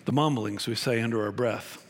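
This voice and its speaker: A man preaching a sermon as pastor, emphatic and repetitive, with wide swings in pitch. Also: normal speed, slight background noise.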